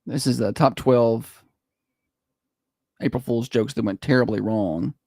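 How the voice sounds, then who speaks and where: A man's voice: medium pitch, unhurried, gravelly, a little mellow, no echo, clean studio sound. A man with a Southern American accent co-hosting a morning radio show, chatty and opinionated, rambling with restarts as he banters and reads local ads. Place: radio studio. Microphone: studio microphone.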